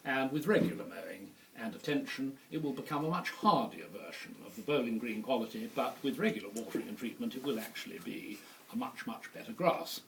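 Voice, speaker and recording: A smooth, pushy shopkeeper, put on by a man telling a joke, full of salesman's patter, his pitch rising and falling a lot. The voice sits some way from the mic over a noisy dinner table. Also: lively intonation, brisk, far from the mic.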